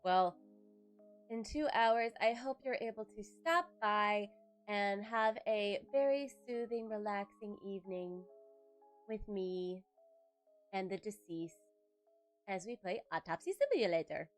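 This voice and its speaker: A woman's voice: mid-range voice, slow, long pauses, soft background music. A young adult woman chatting casually on a game stream, telling stories animatedly with laughter and acted-out quotes. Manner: animated storyteller who laughs and acts out quotes. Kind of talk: casual live-stream chat.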